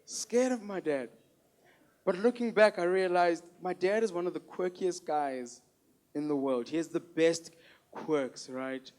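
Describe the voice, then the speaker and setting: A man performing a stand-up comedy set, animated and loud, acting out the voices of the people in his stories. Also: high-pitched, measured pace.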